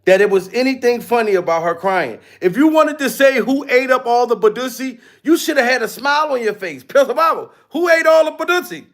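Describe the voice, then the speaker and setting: A man hosting a comedic livestream, animated and incredulous, swearing freely. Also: very high voice, brisk, few pauses.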